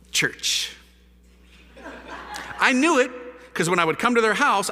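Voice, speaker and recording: A man, a priest, telling his conversion story to an audience in a lively, dramatic way, acting out the voices of the people in it. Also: on the high side. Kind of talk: animated storytelling talk to an audience. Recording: long hall reverb.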